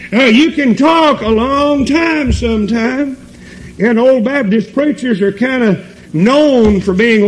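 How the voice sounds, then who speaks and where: A man's voice: very high-pitched, fairly bright tone, a little hiss or hum, low-quality recording. A male preacher giving a sermon, reading scripture aloud and asking his listeners rhetorical questions.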